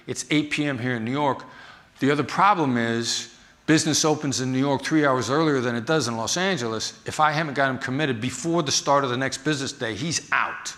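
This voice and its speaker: A man who teaches negotiation gives a storytelling talk, acting out the people in his anecdotes with lively voices. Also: mid-range voice. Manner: animated, acts out the people in his stories. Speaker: negotiation instructor and former FBI agent giving a talk.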